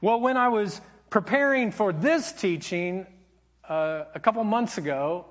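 A middle-aged man, a pastor, telling a personal story in a sermon, conversational and animated with wry humor. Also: high voice, measured pace.

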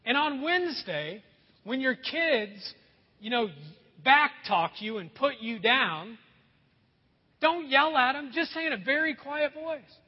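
A man preaching a lively sermon as a pastor, acting out quick voices for laughs. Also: very high voice, husky. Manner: animated, acts out voices for laughs. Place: church sanctuary. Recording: echoey hall, dull sound.

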